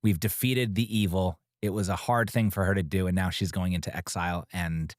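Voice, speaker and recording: A man co-hosting a podcast in casual chat, animated and jumping into high voices when he quotes characters. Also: fairly quick, no room sound, clean studio sound. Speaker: podcast co-host.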